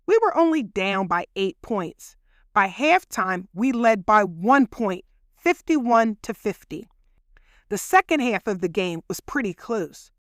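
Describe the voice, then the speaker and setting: Chatty woman telling her story, higher voice. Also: dry recording, clean studio sound. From Philadelphia. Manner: chatty, animated, speaks straight to listeners. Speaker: podcast host telling her own story. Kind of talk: casual personal storytelling.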